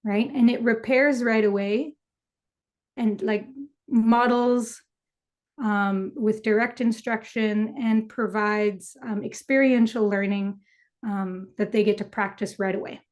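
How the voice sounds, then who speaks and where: A woman's voice: on the high side, fairly even intonation, slow pace, darkish tone. A woman youth educator chatting casually, often checking in with "right?" and affirming her partner. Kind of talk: casual conversational talk.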